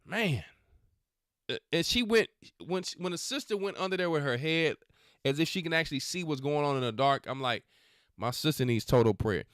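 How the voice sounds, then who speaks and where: A man's voice: fairly high pitch, animated, brisk, fairly bright tone, no room sound, clean studio sound. A man hosting a faith podcast, giving casual, scolding commentary on videos he plays, mixing slang with prayer. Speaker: podcast host.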